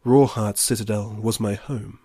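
A man voicing a fierce mother bear queen, speaking in a slow, measured and menacing way. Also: lowish voice, steady tone, dark tone, slightly rough. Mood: bitter reminiscing.

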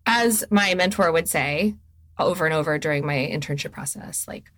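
A woman's voice: lowish voice, sing-song, moderate pace, fairly bright tone, dry recording. A middle-aged woman talking candidly and with animation as a therapist guest on a podcast, laughing often. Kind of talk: podcast interview conversation.

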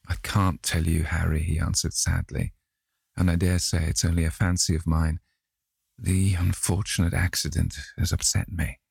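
A man reading aloud and voicing a troubled, anxious young gentleman in a storybook reading. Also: low-pitched, little pitch movement, normal speed, gravelly, husky, no echo, studio quality, full character voice.

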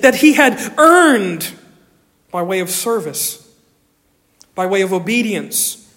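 Man preaching a sermon, expressive delivery, long church-hall echo. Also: high-pitched. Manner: expressive, swings between loud emphasis and quiet asides. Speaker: pastor. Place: church sanctuary.

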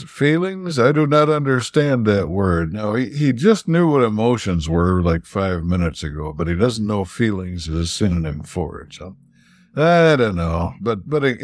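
A man's voice: low voice, expressive, moderate pace, a little mellow, no room sound, studio quality. A man co-hosting a podcast in casual chat, retelling scenes and quoting the dialogue. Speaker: podcast co-host.

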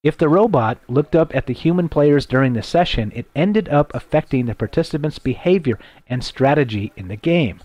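Sitting on the high side with lively intonation, the man speaks at a normal speed with hardly any pauses; his tone is darkish and there's no echo. He's hosting a casual late-night radio talk show from a laptop on the road, rambling and mocking his own stumbles.

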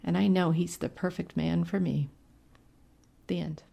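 A woman's voice: lowish voice, fairly even intonation, measured pace, creaky, mellow, a little hiss or hum. A woman narrating a first-person short story in a conversational, wry storytelling manner. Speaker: story reader.

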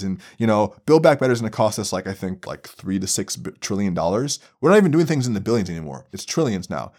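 Essay-style commentary comes from a young podcast host whose delivery is lively and full of profanity. His volume lurches from quiet muttering to loud outbursts.

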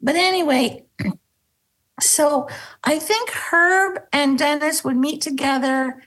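A middle-aged woman, a former sketch comedy cast member, telling animated stories in a casual interview and acting out the quotes. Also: slow pace, rough recording. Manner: animated, acts out quotes, drops into a low voice for bits.

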